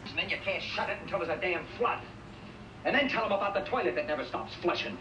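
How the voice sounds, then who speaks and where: A frazzled middle-aged city man rants and complains, his voice bright and swooping up and down. The film audio is roomy and heard from a distance, with a faint hiss. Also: sits high, expressive, fast talker, lo-fi sound. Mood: ranting. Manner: ranting, complaining, yelling.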